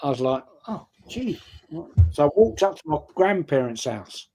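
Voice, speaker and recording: A man's voice: a little high, expressive, brisk, mellow, a little hiss or hum. Older London man telling a story. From North London. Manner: anecdotal, repeats "right?" often. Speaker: fan channel panelist. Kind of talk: casual storytelling.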